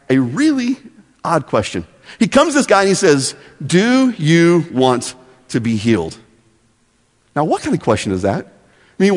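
A man teaching a Bible lesson as a story, animated and often repeating words as he starts. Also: fairly high pitch. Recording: long echoey hall reverb.

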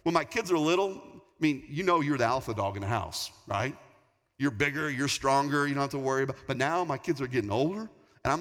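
A man in his forties, a pastor, preaching a sermon with animated, emphatic storytelling. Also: a little high. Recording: long hall reverb.

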